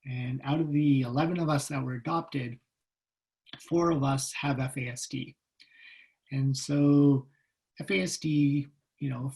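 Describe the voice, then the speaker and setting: A man telling stories from his own life to an audience as a guest speaker, recorded over a video call. He talks in a lively, humorous way and slips into the voices of the people in his stories. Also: mid-range voice, poor audio. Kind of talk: personal storytelling talk.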